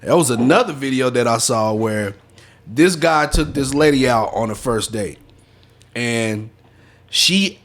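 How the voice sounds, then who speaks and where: A man co-hosting a podcast, telling stories in a lively casual chat and laughing often. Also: mid-range voice, measured pace. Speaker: podcast co-host.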